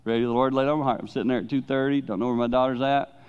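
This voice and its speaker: A middle-aged traveling preacher with a clear, resonant, mid-range voice speaks very fast in a sermon to a youth congregation. He is candid and confessional, telling stories with animation. The recording is muffled.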